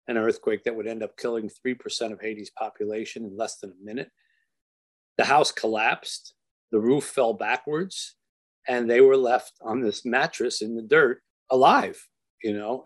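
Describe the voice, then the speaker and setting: A man as an interview guest, telling a story in an earnest, measured way and slowing down for emphasis. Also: mid-range voice. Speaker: author and guest.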